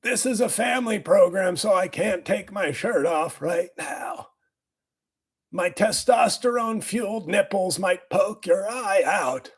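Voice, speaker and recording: Doing a comedic impression, a man plays a boastful, cranky older male health official in a raspy, strained voice. He rambles and bursts into shouts, with a high voice, a measured pace and heavy acting.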